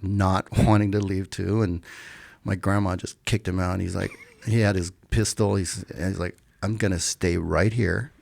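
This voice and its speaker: A middle-aged man with a low, gravelly voice tells a personal story in a relaxed, casual way. He gets animated when he acts out the quotes in his story. The recording is close and dry, with no room sound. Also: no echo. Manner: animated when acting out quotes, laughs while telling. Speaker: podcast guest.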